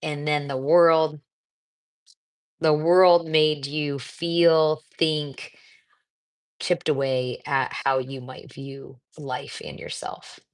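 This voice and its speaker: Host: middle-aged woman from the US, low voice, casual and encouraging livestream chat, reads viewer comments. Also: fairly even intonation, very slow. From United States. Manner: chatty, warm and encouraging, with frequent fillers. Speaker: cancer coach hosting a livestream.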